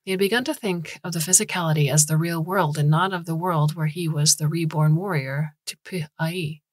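A woman narrating a science fiction short story in a calm, even storytelling manner. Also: low-pitched, normal speed, no room sound. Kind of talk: scripted audiobook narration.

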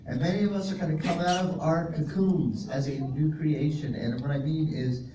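A man's voice: fairly high pitch, steady tone, moderate pace, far from the mic. A male pastor preaching a sermon, reading scripture aloud and explaining Greek words to his congregation. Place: fellowship hall. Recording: roomy echo, voice from off-mic, faint noise.

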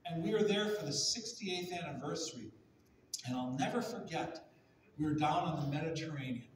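A male pastor preaching a sermon with passion, swinging from near shouts to soft, hushed tones. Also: fairly high pitch, moderate pace, a little hiss or hum. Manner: impassioned, rising to near shouts, then dropping soft and hushed. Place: large church sanctuary. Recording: echoey room audio from a distant mic.

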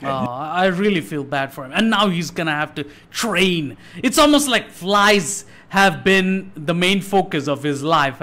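A man's voice: high-pitched, pushed and bright. A man reacting to a puppet comedy video as host, laughing often and swearing freely. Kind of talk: casual reaction commentary.

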